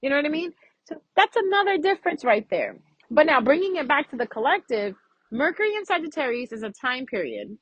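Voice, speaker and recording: A woman's voice: high voice, sing-song, fairly quick, a bit bright, dry recording, highs cut off. A woman giving a casual, frank astrology reading as a vlogger, chatty and freely swearing.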